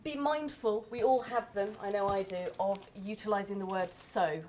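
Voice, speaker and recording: A woman's voice: mid-range voice, moderate pace, low-quality recording. A woman, giving frank but kind feedback to a speaker. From England. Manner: frank, reflective, gently corrective. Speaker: judge.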